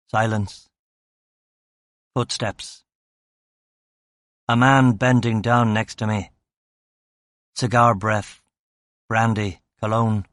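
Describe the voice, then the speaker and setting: A man's voice: on the low side, little pitch movement, slow, long pauses, a bit bright, dry recording, studio quality. A male audiobook narrator reading first-person crime fiction in a terse, clipped style. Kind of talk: scripted narration.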